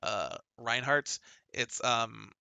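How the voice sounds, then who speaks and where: A male podcast host with a very bright, crisp and clear voice, recorded dry and close to the mic. He chats casually and laughs a lot, with fillers scattered between the news he reads. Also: medium pitch, lively intonation, drawn-out words, no echo. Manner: chatty, laughs often, many fillers. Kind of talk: casual gaming podcast chat and news reading.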